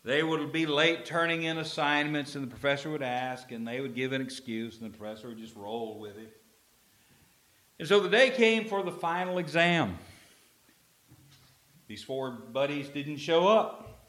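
A man preaching a sermon, telling a story and swinging between quiet asides and loud emphatic lines. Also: fairly high pitch, animated, moderate pace. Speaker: pastor.

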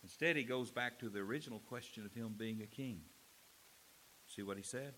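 A man preaching a sermon in an animated way, acting out quotes with voices. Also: on the low side, brisk, slight background noise. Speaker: pastor.

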